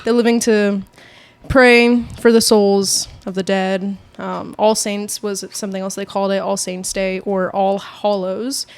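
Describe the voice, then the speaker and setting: A woman's voice: medium pitch, little pitch movement, measured pace, clean tone. A young woman co-hosting a casual podcast, rambling and stumbling as she reads notes aloud. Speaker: podcast co-host. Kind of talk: casual chat.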